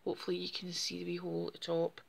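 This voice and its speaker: A woman's voice: fairly low pitch, monotone, very fast, vocal fry. A woman, hosting a casual craft tutorial and chatting step by step in a friendly way. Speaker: craft channel host.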